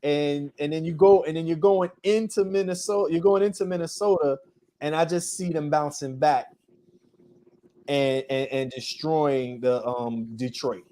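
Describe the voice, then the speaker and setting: A man with a mellow, somewhat high voice co-hosts a sports podcast, speaking a little slowly. He chats casually about football picks, rambling, restarting often and trailing off with ums.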